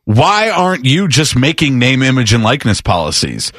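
A man's voice: medium pitch, very animated, normal speed, a bit bright, no echo, studio quality. A man co-hosting a casual sports talk show, reading news items aloud and riffing on them with wry jokes.

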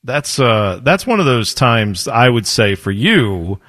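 Brief: an expressive male radio co-host with a lively, swinging voice, close dry studio sound. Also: medium pitch, takes it slowly, dry recording. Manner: expressive, wry storyteller. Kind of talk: casual chat.

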